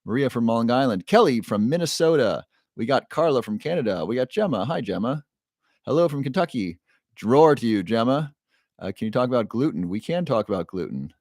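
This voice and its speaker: A neuroscientist hosting a relaxed livestream talks in a mid-range, slightly mellow voice with big pitch swings and a fairly quick pace. The studio audio is clean and echo-free. He's upbeat, reads out chat names, greets viewers, and gives playful roars.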